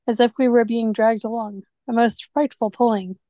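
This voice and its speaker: A woman's voice: on the high side, fairly even intonation, normal speed, mellow, no room sound, natural voice. A frightened schoolboy, breathless and urgent, as a woman reads him aloud. The voice is dry and close, with no room around it. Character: boy, frightened schoolboy pulled by magic.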